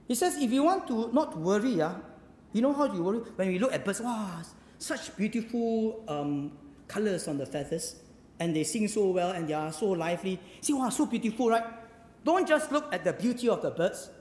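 A preacher, delivering a sermon with emphatic rhetorical questions and sudden drops to a hushed voice. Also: mid-range voice, sing-song, normal speed, slight background noise. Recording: echoey hall with long reverb.

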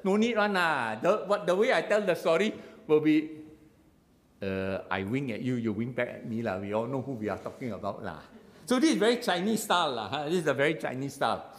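A man preaching a sermon in a lively way, acting out dialogue and using local particles. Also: mid-range voice, brisk, long reverb tail. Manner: animated, acts out dialogue, Singlish particles.

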